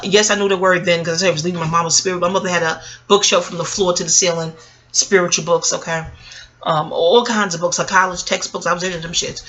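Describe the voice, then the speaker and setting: A middle-aged woman tells a story straight to the camera, animated and salty. Her voice has a gravelly, fry-laden edge. The tone is bright and forceful. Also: lowish voice, fast, rough recording. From New York City. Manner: animated, profane, talks straight to viewers. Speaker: vlogger and memoir author. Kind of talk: casual storytelling monologue.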